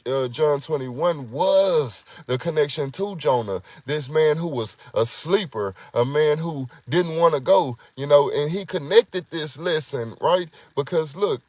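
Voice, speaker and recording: Man preaching a relaxed, conversational sermon. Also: on the high side, measured pace, hardly any pauses, no room sound. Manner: conversational, repeats words often, voices quoted prayers. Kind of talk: informal sermon.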